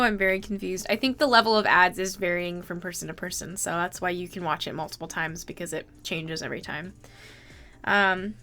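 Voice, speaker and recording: A woman's voice: medium pitch, pushed and bright. A woman chatting casually on a livestream, reading viewer messages aloud and reacting with exclamations and laughter. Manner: reads viewer messages aloud and answers them.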